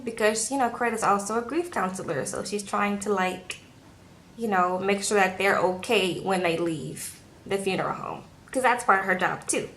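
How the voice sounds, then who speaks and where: A woman's voice: medium pitch, a little slow, fairly bright tone, slight background noise, rough recording. A woman vlogger recapping a reality show in a chatty, filler-heavy way, talking straight to her viewers from a room at home. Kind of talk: casual TV recap.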